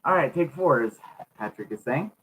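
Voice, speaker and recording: A man's voice: mid-range voice, animated, moderate pace, a bit bright, lo-fi sound, slight background noise. A man reading a children's book aloud for a video, repeatedly cracking up with laughter. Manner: giggly, keeps cracking up while reading.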